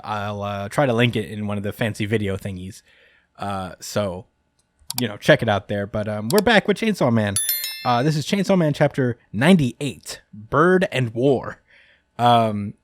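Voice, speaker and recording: A man's voice: medium pitch, no room sound, studio quality. A man hosting a podcast who recaps a manga chapter in casual chat. He rambles, chuckles often and fills his speech with "uh" and "like.". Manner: rambling and chuckling, many fillers. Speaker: podcast host.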